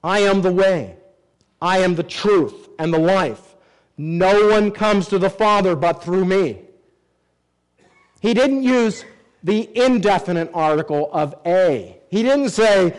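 High-voiced preaching man. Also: measured pace, clean tone, poor audio. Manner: preaching with emphatic swings in pitch and volume; reads scripture aloud. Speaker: pastor. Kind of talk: sermon.

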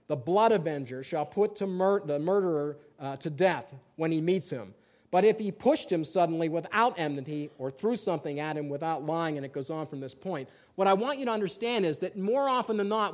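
A man preaches a sermon from a church pulpit, his voice sitting notably high for a man. He works through scripture verse by verse and reads passages aloud. Between readings he drives his points home with blunt, emphatic everyday examples. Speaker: pastor.

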